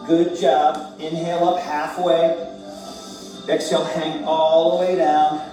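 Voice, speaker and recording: A man guiding a yoga warm-up, cueing breaths and poses in a relaxed, joking way as he moves. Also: fairly high pitch, slow. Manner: relaxed, joking, talks while moving through poses. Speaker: yoga instructor. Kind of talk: guided yoga class. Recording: very echoey room, distant mic, faint music.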